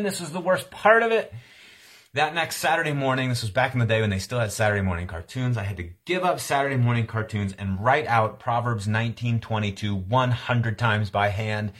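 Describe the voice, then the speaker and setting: A man's voice: fairly low pitch, fairly bright tone. A man around forty preaching a sermon, telling a childhood story in a conversational way and acting out the voices of his parents. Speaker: pastor.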